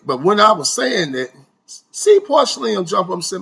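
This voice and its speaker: A man telling an animated, slang-heavy story in a casual way, his voice leaping up for emphasis. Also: high voice, normal speed, gravelly, breathy edge. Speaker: storyteller recounting prison life.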